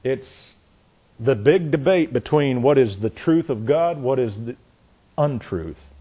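A man's voice: mid-range voice, animated, slow pace, dark tone, breathy edge. A man preaching a sermon in a conversational way, often restarting his words and chuckling, and building in intensity as he goes.

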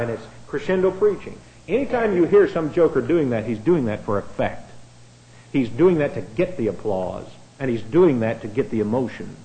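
Blunt preacher in an echoey hall. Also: male voice, mid-range voice, big pitch swings, a little fast. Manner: blunt, digressive, with frequent restarts and a dry chuckle; swings from quiet asides to loud emphatic lines. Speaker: pastor. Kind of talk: sermon. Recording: echoey room.

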